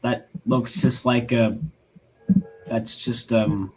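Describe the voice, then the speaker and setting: A man's voice: medium pitch, little pitch movement, slow, faint music behind, rough recording. A man as a guest on a casual livestream, speaking hesitantly and searching for words.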